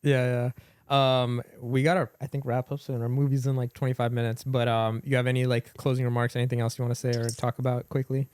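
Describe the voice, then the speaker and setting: A man's voice: medium pitch, level tone, fast talker, a little mellow, clean tone, no echo. A man hosting a podcast, laid-back and agreeable in casual chat. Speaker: podcast host.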